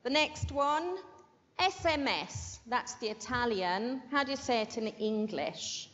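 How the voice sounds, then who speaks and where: Leading a dictation in her English classroom, a woman speaks slowly in an animated, somewhat bright voice on the high side. She patiently repeats each word two times. The sound is lo-fi and dull, with a long reverb from the room.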